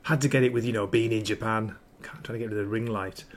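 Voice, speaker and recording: Here the comic book livestream host talks quickly in a fairly low, mostly even voice. Broadcasting from a home setup lit by a ring light, he chats eagerly, wandering into asides as he reads comments from viewers.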